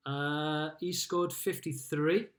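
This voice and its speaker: A man's voice: a little high, steady tone, takes it slowly. A man from Liverpool hosting a casual live-streamed pub quiz from home, chatting and greeting players by name as he reads out their scores. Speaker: quiz host.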